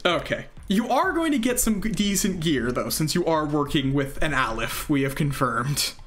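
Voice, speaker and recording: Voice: medium pitch, big pitch swings, moderate pace, a bit bright, soft background music. A streamer doing casual gameplay commentary and talking with viewers, laughing often and trailing off mid-sentence.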